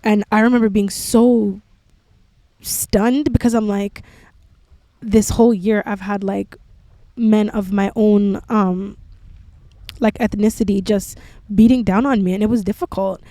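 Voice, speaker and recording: A woman's voice: medium pitch, steady tone, a little slow, long pauses, dark tone, no room sound. A young woman hosting a podcast, telling her own story candidly and peppering her speech with "like". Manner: candid, filler-heavy with frequent "like". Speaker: podcast host. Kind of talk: personal storytelling.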